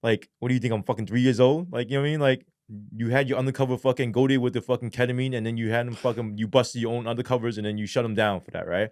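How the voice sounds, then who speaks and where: Rapid-fire and medium-pitched, this former police sergeant from New York cusses freely while telling a story in a casual interview. He acts out the quotes with animation, and the studio-quality recording has no room sound.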